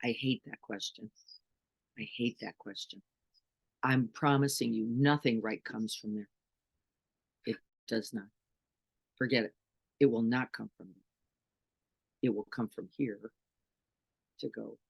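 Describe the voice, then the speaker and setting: A woman's voice: a bass voice, fairly even intonation, unhurried, vocal fry, pauses often, slightly rough, muffled recording. A middle-aged woman meditation teacher giving an earnest dharma talk, full of rhetorical questions to her listeners.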